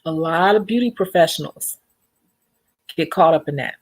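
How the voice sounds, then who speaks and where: Laughing frequently, a young nail technician talks lively and casually with her viewers in a vlog. She speaks at a moderate pace in a low voice.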